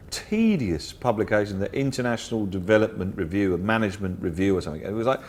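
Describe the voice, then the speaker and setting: A man being interviewed as a guest comedian, telling anecdotes in a lively way and mimicking other people's voices. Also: lowish voice, slight background noise. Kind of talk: casual interview chat.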